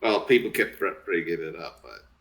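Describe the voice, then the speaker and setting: A man playing a tabletop game, chatting casually and halting mid-sentence. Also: deep voice, expressive, gravelly, fairly bright tone. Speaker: player.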